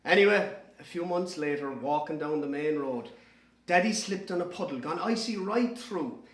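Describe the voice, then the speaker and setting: A man's voice: on the high side, expressive, moderate pace, natural voice. An actor playing a rambling, wry young Irish man who keeps correcting himself, in an audio drama monologue. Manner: rambling, self-correcting, offhand. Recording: roomy echo.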